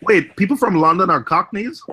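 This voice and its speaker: A man chatting on a live stream as a guest, relaxed and explaining at length with lots of "you know.". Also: high-pitched, moderate pace, husky. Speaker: chat guest. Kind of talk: casual live-stream chat.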